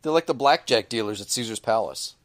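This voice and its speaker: A man co-hosting a casual podcast in a studio, telling animated stories and swearing freely. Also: mid-range voice, brisk. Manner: animated storyteller, swears, shouts quoted lines. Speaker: podcast co-host. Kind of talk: casual chat, storytelling.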